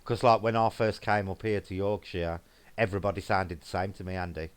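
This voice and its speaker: A man with a broad Black Country accent and a lowish voice chats casually on a livestream. He rambles, restarts his sentences and reads out viewer comments as he goes. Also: level tone, a little fast, clean tone. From English Midlands. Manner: chatty and rambling, frequent restarts. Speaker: co-host of a paranormal livestream. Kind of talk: casual chat, reading viewer comments aloud.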